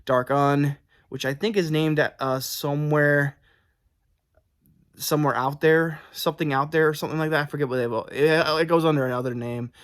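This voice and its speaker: A man's voice: a little high, steady tone, brisk, smooth. A young man chatting casually to camera about his book mail, rambling and correcting himself with lots of fillers. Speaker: book collector showing book mail.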